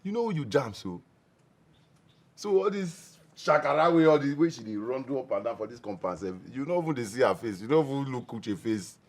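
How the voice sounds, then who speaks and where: A man's voice: medium pitch, brisk. A teasing young pidgin-talking guy. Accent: Nigerian Pidgin. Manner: joking, teasing, excitable. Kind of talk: film drama acting.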